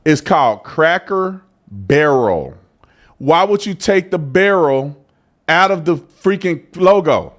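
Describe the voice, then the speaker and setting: Animated, lively-pitched male commentary host. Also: takes it slowly. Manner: animated, joking, talks straight to viewers. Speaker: host of a live commentary show. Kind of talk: live news commentary.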